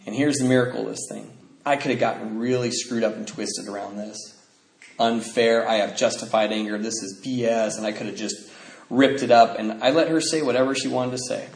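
A middle-aged man shares his own story of recovery, his voice surging and dropping with emotion. His pitch sits in an ordinary middle range. The sound carries a clear echo from the room. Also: fast talker. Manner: emotional storytelling with sudden swings in loudness. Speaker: speaker sharing at a recovery meeting. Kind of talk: personal testimony talk. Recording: echoey room.

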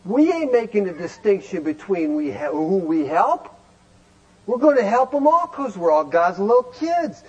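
Speaking at a normal speed in a high, very animated voice, a man teaches a recovery group, folksy and emphatic, tossing in plenty of rhetorical questions. The audio is dull.

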